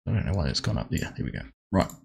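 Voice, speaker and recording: A man's voice: low voice, expressive, very fast, vocal fry, a little mellow, breathy edge. An Australian man chatting casually on a live game stream, rambling as he sets up and greeting viewers one by one.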